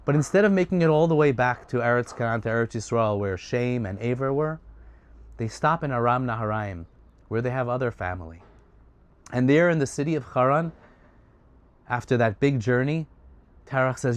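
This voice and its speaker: Lively male storyteller. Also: medium pitch, moderate pace, clear, resonant tone. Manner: lively, with restarts and many voices. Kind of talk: animated storytelling.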